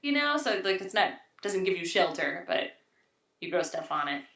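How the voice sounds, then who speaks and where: A woman's voice: on the low side, very animated, moderate pace, a bit bright, far from the mic. A woman in her thirties chatting casually on a video call from her new house, rambling and laughing often. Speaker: podcast co-host. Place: new house, showing the yard. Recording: muffled, roomy, from off the mic.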